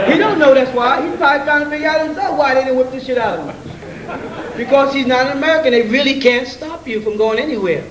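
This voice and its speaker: A man with a high voice lectures a roomful of listeners in loose, slangy speech, chuckling between points and firing off rhetorical questions. The mic sits well away from him, so the room echoes around his voice and a faint hiss runs underneath. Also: a little fast, long pauses, crowd noise. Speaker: lecturer addressing an audience. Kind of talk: informal spoken lecture. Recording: roomy, distant, faint hiss.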